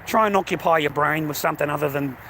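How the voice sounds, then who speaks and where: A man's voice: fairly high pitch, fast, vocal fry, pushed and bright, slight background noise. Aggrieved Australian man ranting, swearing. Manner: aggrieved, heavy swearing, repetitive. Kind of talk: angry personal rant.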